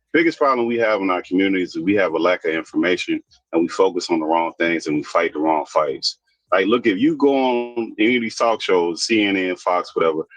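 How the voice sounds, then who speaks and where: Blunt ranting man, husky voice. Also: sits low, fairly bright tone, no room sound, low-quality recording. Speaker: commentator. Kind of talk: opinionated casual commentary.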